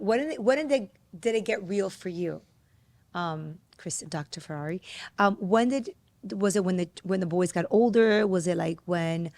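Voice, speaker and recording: A woman podcast host telling a family story in a casual conversation, getting animated as she quotes her child. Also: on the low side, vocal fry, dry recording. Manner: storytelling, animated when quoting her son.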